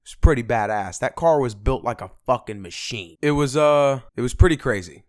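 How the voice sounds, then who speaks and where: A young man telling a story on a casual vlog, animated and swearing a lot. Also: medium pitch, normal speed, dry recording, studio quality. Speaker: vlogger.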